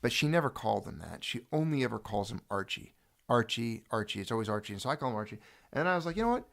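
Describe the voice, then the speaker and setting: A man hosting a casual video chat, talking straight to viewers in a jokey, animated way. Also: mid-range voice, racing, gravelly. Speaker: host.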